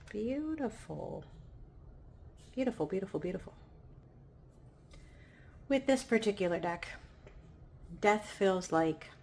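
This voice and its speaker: A woman giving a pick-a-pile tarot reading in a gentle, affirming way, often checking in with "right?". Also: fairly low pitch, vocal fry, slight background noise. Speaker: tarot reader.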